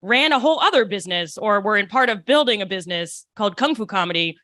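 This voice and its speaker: A woman's voice: medium pitch, expressive, fast talker, bright, forceful tone, dry recording, clean studio sound. A woman hosting a podcast interview in a playful, casual way. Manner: playful, laughs easily. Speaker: podcast host.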